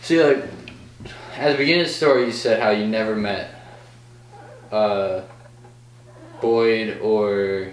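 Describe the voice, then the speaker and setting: A man's voice: lowish voice, a little slow, long pauses, far from the mic, slight background noise. A man hosting a podcast, talking casually with a guest and stringing thoughts together with "like". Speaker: podcast host. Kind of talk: casual chat. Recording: echoey room with faint ambience.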